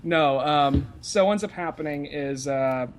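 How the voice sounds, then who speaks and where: A young man in casual podcast chat, rambling and profane, full of fillers and restarts. His voice sits a little high for a man. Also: measured pace, a little hiss or hum. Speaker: podcast co-host.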